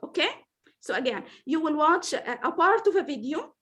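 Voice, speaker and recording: A woman's voice: high voice, lively intonation, moderate pace, fairly bright tone. A woman running an online training session for teachers, patient and repeating her words, with many fillers.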